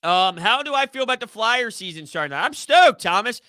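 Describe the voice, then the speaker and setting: As a sports YouTube host, a young man chats loosely on a live stream, reading viewer comments and rambling with easy laughs. His high voice is sing-song, pushed and bright, at a moderate pace, in clean studio sound with no room sound.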